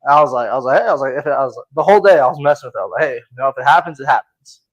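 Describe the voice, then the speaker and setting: A man's voice: medium pitch, expressive, rapid-fire, low-quality recording. A man with an American accent co-hosting a casual sports podcast, laid-back, telling stories with stammered restarts and lots of "like". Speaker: podcast co-host.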